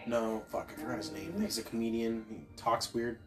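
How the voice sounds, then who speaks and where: A man's voice: medium pitch, moderate pace, music in the background. A young man co-hosting a podcast, rambling earnestly about a favorite movie as he hunts for words. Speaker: podcast co-host. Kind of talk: casual chat.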